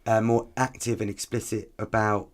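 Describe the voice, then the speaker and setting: A man, a podcast guest and activist, telling stories in an animated, chatty way with frequent ums. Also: fairly low pitch, normal speed. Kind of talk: conversational podcast interview.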